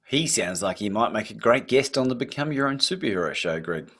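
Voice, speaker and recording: A man's voice: lowish voice, lively intonation, brisk, fairly bright tone. A man hosting a podcast, wrapping up the interview in an upbeat, announcer-like way. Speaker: podcast host.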